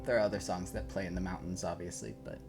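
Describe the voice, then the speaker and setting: A man's voice: low voice, fast, gravelly. A man casually rambling and reacting while music plays at home, swearing and chuckling now and then. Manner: rambling and laid-back, swears, chuckles often. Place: at home in his room. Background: game soundtrack playing softly.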